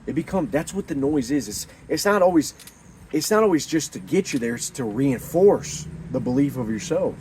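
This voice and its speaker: A man's voice: a little high, animated, normal speed, darkish tone, a little hiss or hum, poor audio. A young man giving rambling, earnest life advice in a casual motivational monologue, often restarting his sentences.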